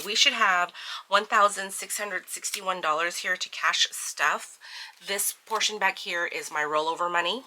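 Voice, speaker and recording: Bright-voiced chatty woman budgeting. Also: fairly low pitch, a little slow, a little hiss or hum. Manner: chatty, filler-heavy, counts money aloud. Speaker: budgeting channel host. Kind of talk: casual chat while counting cash.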